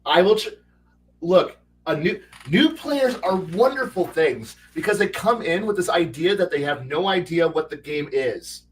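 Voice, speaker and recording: A man's voice: a little high, lively intonation, unhurried, distant mic, rough recording. A man who is a guest on a casual panel chat about tabletop gaming, rambling animatedly with many restarts.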